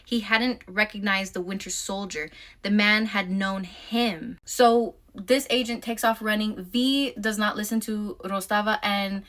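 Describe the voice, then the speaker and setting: A woman's voice: medium pitch, steady tone, measured pace, fairly bright tone. A woman casually recapping a novel's chapters, chatty and full of filler words. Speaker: book recap vlogger.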